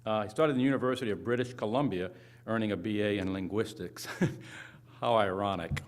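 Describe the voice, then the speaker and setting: A man's voice: fairly low pitch, quick pace. A man moderating a conference session, introducing speakers in a fumbling, apologetic and self-deprecating way.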